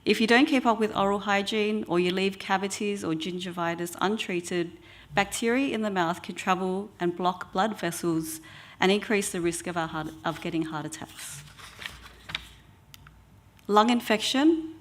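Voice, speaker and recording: A woman presents an educational health talk at a middling pitch. She speaks in a measured way, often pausing on a soft "um". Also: a little hiss or hum. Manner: measured, with frequent ums. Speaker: oral health therapist.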